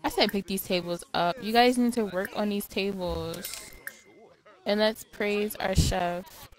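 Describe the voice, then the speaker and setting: A woman hosts a casual let's-play with chatty, exasperated commentary, cursing when annoyed. Her voice sits in an ordinary middle pitch for a woman. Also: unhurried, low-quality recording.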